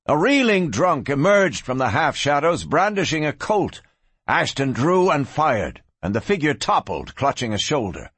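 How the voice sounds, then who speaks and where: A man reading a western novel aloud in a dramatic, expressive storytelling manner. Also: on the high side, normal speed, breathy edge, dry recording. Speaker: audiobook narrator. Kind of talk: scripted western audiobook narration.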